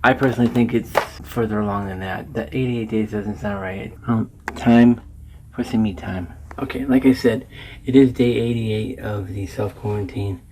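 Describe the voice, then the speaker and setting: A man's voice: on the low side, steady tone, normal speed, a little mellow, slight background noise. A man talking casually at home, rambling about films he has watched, chatty and self-deprecating. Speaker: vlogger. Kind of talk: casual chat about movies.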